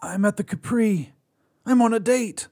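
A man's voice: high-pitched, measured pace, darkish tone, voice pushed up. A man voicing a heartbroken young man who pleads with his ex, choked and breathless. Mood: pleading.

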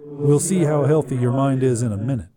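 A man's voice: mid-range voice, a little fast, over music, close to an everyday voice. A man voicing a brash, impatient male demon with scales and wings, talking crude and pushy in a storybook reading. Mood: sly. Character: gruff impatient male demon, scaly and winged.

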